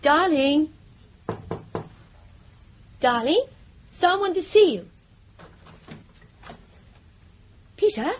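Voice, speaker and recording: Frightened wife, high voice, lively pitch, slow pleading delivery, radio drama. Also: female voice, a little hiss or hum. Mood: flustered. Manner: pleading, breathless with fear. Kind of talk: 1970s radio drama acting.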